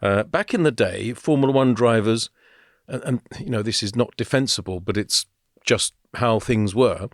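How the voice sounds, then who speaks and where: A man with a lowish voice co-hosts a motor racing podcast, rambling through stories in a casual, chatty way, with fillers and laughs along the way. He talks at a moderate pace, and the studio-quality recording has no echo.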